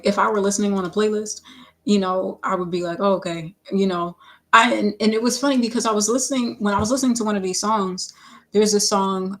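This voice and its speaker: A woman who makes music, chatting casually on a livestream, rambling with lots of fillers, self-corrections and playful asides. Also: medium pitch. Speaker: singer-songwriter livestreaming her work.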